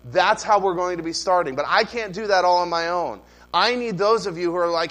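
A man in his thirties preaching a sermon to his church, earnest and building to loud, impassioned calls. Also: high-pitched, brisk, few pauses, poor audio. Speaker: pastor. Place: church sanctuary.

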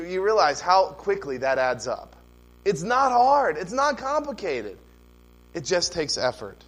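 Casting: male pastor, 30s, slightly high voice, earnest sermon that swells into fervent preaching. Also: poor audio. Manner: earnest, builds to loud impassioned preaching. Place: church sanctuary.

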